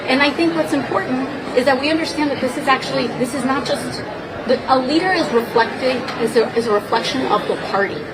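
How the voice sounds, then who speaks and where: A woman, a congresswoman, answering press questions in an earnest, measured way. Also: high voice. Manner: earnest, measured, repeats herself while thinking. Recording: distant mic, loud crowd noise.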